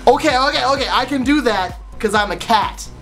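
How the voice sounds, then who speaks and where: A man's voice: extremely high pitch, fairly quick, a bit bright, faint music behind. A young man playing a silly pet cat who meows and refuses the dares. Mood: playful. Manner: mock-earnest, meowing.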